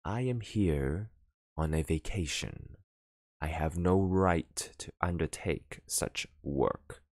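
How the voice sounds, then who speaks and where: A man giving voice to a seasoned police detective in an audiobook, low-pitched and unhurried, brushing off alarm with dry, dismissive calm. The voice sits close and dry, with lively rises and falls. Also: no echo, exaggerated voice. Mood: curt. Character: unflappable middle-aged male police detective.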